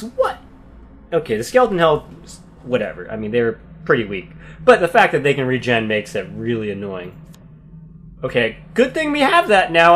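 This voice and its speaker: A male gaming host gives excitable let's play commentary in a high voice. He swears freely and yelps in fear, and his pitch leaps around a lot. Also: a little hiss or hum.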